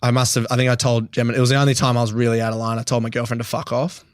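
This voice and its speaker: A man's voice: mid-range voice, little pitch movement, racing, no echo, clean studio sound. A young Australian man in his twenties, a podcast guest, telling a story bluntly and emotionally, swearing freely and laughing often. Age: 20s. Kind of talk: candid podcast interview.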